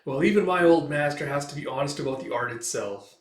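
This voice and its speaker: A man playing a jovial veteran storyteller master who booms with laughter. His lines come out hearty and loud, pitched a little above an everyday voice. The recording has a roomy echo. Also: fast talker, natural voice.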